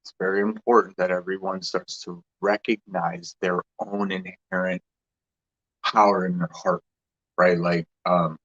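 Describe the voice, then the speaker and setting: A man's voice: deep voice, little pitch movement, a little slow, fairly bright tone, dull audio. A man hosting a casual livestream, rambling loosely with restarts and fillers as he greets viewers. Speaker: livestream host.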